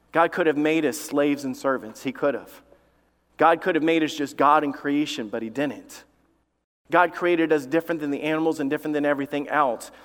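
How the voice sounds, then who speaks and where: A male pastor preaching with fervent, repetitive emphasis, his voice sitting a touch higher than most men's. He weaves family stories into the sermon. The sound carries a long reverb from a large church hall. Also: a bit bright. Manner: tells family stories from the pulpit. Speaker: lead pastor.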